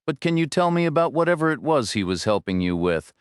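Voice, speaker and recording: A man's voice: fairly high pitch, very animated, fast, smooth, dry recording, studio quality, voice pushed up. A man voicing a persistent young woman lawyer who presses with polite questions. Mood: earnest.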